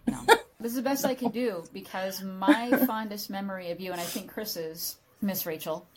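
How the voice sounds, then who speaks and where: A woman recording a playful birthday message, laughing as she speaks. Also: lowish voice.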